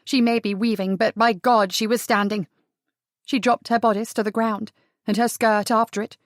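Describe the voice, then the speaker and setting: Woman audiobook narrator, slightly high voice, intimate and even. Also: normal speed, no echo, studio quality. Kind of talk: scripted narration.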